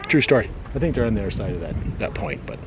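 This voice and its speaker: A man's voice: on the low side, animated, fast talker, a crowd in the background. A man vlogging casually on a coastal cape, joking dryly with sarcastic asides and at times out of breath from a steep hill. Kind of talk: casual vlog narration. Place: outdoors on a windy coastal cape. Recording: noisy outdoor camera audio.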